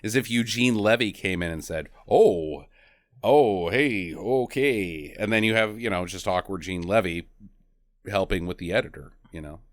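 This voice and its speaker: An American man co-hosting a casual movie-review podcast, animated and laughing often. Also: sits low, fairly quick. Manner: animated, laughs often, slips into mock British accents. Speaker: podcast co-host.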